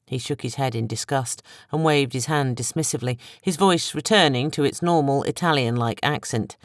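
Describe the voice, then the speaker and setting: Steady audiobook narrator, dry close studio sound. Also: medium pitch, brisk, few pauses, no echo.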